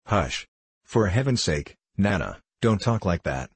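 A man's voice: deep voice, sing-song, unhurried, breathy edge, no room sound, full character voice. A man voicing a bitter, distraught young woman haunted by her past. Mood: pleading.

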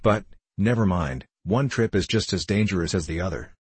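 Man reading as a gruff stubborn hunter gent, low husky, blunt. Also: lively intonation, normal speed, a little mellow, no echo, exaggerated voice. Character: stubborn skeptical gentleman hunter.

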